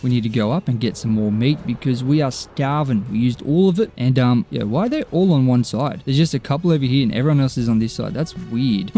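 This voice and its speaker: Young male gamer voice-over, relaxed mellow tone, easygoing self-mocking chatter over faint music. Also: medium pitch, a little fast, hardly any pauses. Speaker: gaming YouTuber. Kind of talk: casual gameplay commentary.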